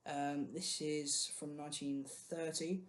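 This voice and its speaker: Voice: medium pitch, little pitch movement, slow pace. A British speaker chatting casually at home about a book collection, rambling with frequent ums and restarts. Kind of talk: casual book haul chat.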